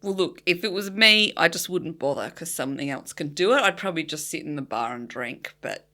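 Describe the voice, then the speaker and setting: A frank, chatty Australian woman co-hosting a book-club podcast. Her voice is bright and lively and swings widely in pitch, with a lower-than-average register for a woman. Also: a little fast. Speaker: podcast co-host. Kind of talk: casual book-club chat.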